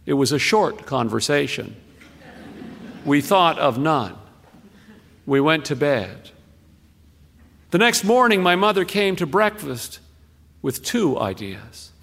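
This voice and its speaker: A man reading a listener's story aloud on the radio, measured and expressive, with deliberate pauses. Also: on the high side, gravelly, in a large hall.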